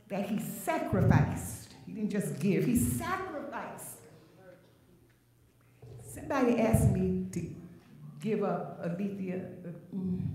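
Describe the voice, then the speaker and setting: A woman's voice: mid-range voice, expressive, takes it slowly, dark tone, distant mic. A woman pastor preaching a sermon, emphatic and rhythmic, drawing out her phrases. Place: large church sanctuary. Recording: very echoey sanctuary, voice from afar.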